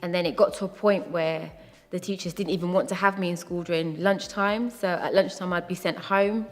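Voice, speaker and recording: Woman telling her story in a reverberant room. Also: lowish voice. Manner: reflective, laughs often, quotes people in put-on voices. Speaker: host and singer-songwriter. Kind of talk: personal storytelling. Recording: long reverb with faint music behind. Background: faint background music.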